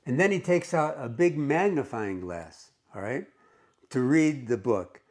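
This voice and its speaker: A male English teacher walking students through a story in a relaxed, conversational way, checking in often as he goes. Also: medium pitch, measured pace. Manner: conversational, with frequent "okay" checks. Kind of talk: explaining a story in a recorded lesson.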